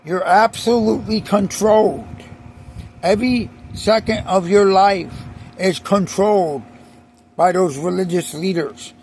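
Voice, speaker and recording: A man with a high, gravelly voice rants in a slow, deliberate monologue. He repeats himself with emphasis and keeps restarting sentences. Faint vehicle noise hums underneath. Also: darkish tone. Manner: emphatic, repetitive, restarts often. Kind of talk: ranting monologue to camera.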